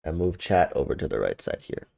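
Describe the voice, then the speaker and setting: A man's voice: a bass voice, very animated, fairly quick, vocal fry, mellow. A man with a nasal, congested voice, chatting casually on a game livestream and often restarting his sentences. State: congested sinuses. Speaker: game streamer.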